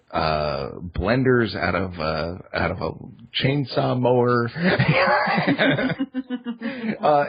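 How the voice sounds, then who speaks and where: A man's voice: lowish voice, husky, highs cut off. A man on a podcast chatting casually as a guest, rambling with many fillers. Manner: rambling, filler-heavy storytelling.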